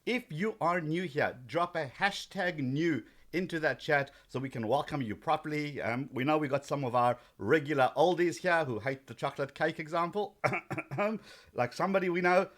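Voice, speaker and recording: A man hosts a casual live training stream with a slightly higher-pitched voice. He talks in a chatty, easygoing way, greets viewers one by one, and fills his pauses with ums. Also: a bit bright. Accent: South African.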